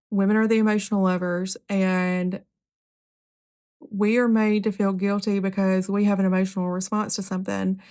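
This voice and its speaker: A woman's voice: mid-range voice, darkish tone. A woman hosting a podcast, talking candidly in a casual, conversational way with frequent ums and asides. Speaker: podcast host. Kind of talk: casual solo podcast talk.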